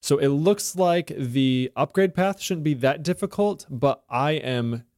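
A man's voice: a little high, unhurried, a little mellow, no echo, studio quality. An American man co-hosting a casual tech podcast, chatty and enthusiastic as he walks through the news. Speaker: podcast co-host.

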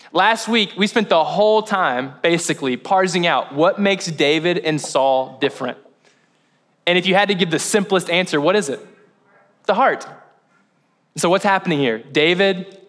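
Male pastor, high voice, relaxed talky sermon, tosses questions to the congregation. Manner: casual and chatty, asks the congregation questions. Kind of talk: conversational sermon. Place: church service.

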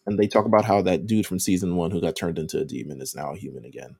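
A man's voice: low-pitched, fast, gravelly, a little mellow, breathy edge, dry recording. A man co-hosting a podcast, recapping an anime season in casual chat, rambling with lots of ums and casual swearing. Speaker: podcast co-host.

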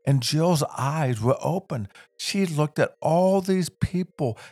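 A man telling a children's story in a gentle, unhurried, expressive way. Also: on the high side, no room sound.

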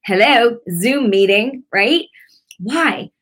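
A woman's voice: a little high, lively intonation, takes it slowly, a bit bright. Casting note: middle-aged woman, earnest, chatty devotional teacher. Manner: earnest, conversational, repeats phrases with many fillers. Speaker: Christian teacher.

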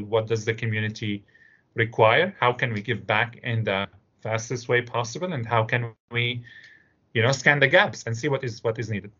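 Middle-aged Syrian-accented male guest, animated storyteller, bright tone, dull lo-fi recording. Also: medium pitch. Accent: Syrian Arabic. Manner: animated storyteller, acts out voices in anecdotes. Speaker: interview guest, immigrant business owner. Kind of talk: storytelling interview answers.

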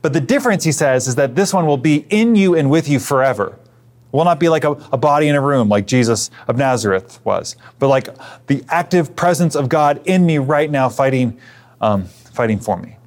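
Preaching as pastor, a man speaks in an earnest, conversational way with an expressive, mid-range voice at a moderate pace. He keeps restarting phrases and sometimes lowers himself to a near whisper for hushed asides.

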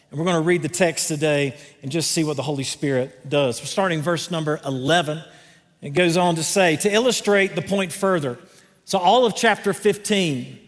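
Middle-aged Southern man from North Carolina, guest preacher, folksy and enthusiastic, on a church stage with a long echo. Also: on the high side. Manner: folksy and enthusiastic, joking with the congregation. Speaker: guest pastor. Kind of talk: sermon. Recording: long reverb in a large hall with a congregation.

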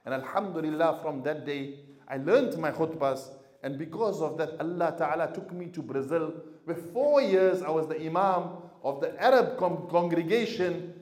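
Male imam, sermon delivery, slightly high pitch, dynamic storyteller, roomy echo. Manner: storytelling, swings from quiet to loud emphasis. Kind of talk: sermon to a congregation.

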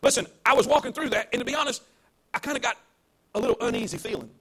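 A man's voice: very high voice, fast, pushed and bright, husky. A man preaching an emphatic, repetitive sermon to people at home. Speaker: pastor.

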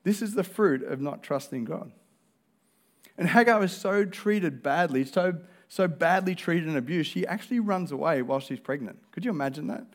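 A man's voice: fairly high pitch, lively intonation, normal speed. A male pastor, preaching a sermon in an earnest, conversational way.

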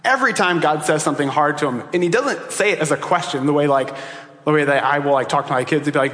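A man in his thirties preaching a sermon as pastor, conversational and building to animated emphasis. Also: fairly high pitch, a little fast. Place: church sanctuary. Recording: echoey hall.

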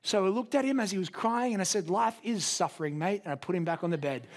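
A young man preaching a sermon. He tells a story with self-deprecating humor, in an animated way. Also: sits high, fast talker, a little hiss or hum.

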